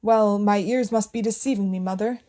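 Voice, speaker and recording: A quiet, steady young man in a storybook, as a female narrator reads him. He keeps his voice level and polite, with a mellow, warm tone and a faint dry amusement. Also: medium pitch, moderate pace, lightly acted.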